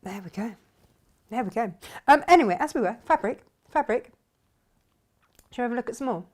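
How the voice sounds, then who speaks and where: A woman's voice: a little high, lively intonation, a little fast, a little mellow. A middle-aged woman hosting a casual live fabric shop stream, chatting, reading out viewer comments and laughing often.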